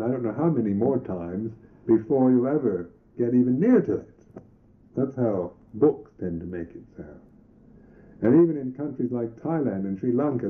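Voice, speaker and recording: A Buddhist monk teacher giving a reflective meditation talk, pausing and restarting his phrases often. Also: medium pitch. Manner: slow, reflective, halting with restarts. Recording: tinny lo-fi old recording.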